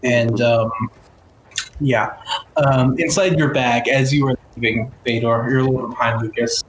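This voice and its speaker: A man's voice: mid-range voice, steady tone, normal speed. Rambling young man running a tabletop game. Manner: rambling, filler-heavy narration. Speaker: game master. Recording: echoey room with noise.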